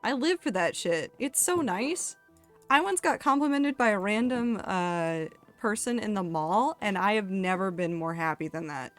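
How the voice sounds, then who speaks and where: A woman's voice: medium pitch, expressive, moderate pace. A young woman streamer chatting candidly while she plays, swearing casually and reading chat messages aloud. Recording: faint music behind.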